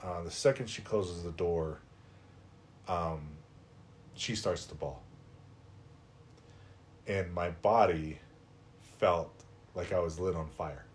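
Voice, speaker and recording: A middle-aged man with a somewhat low voice tells his own story as a podcast guest. He talks in a casual, animated way, with frequent "like"s, and his voice rises when he acts out his own doubts. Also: slow, long pauses, a little hiss or hum. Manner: animated, conversational, heavy use of "like". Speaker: podcast guest, life coach. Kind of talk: personal storytelling in a podcast interview.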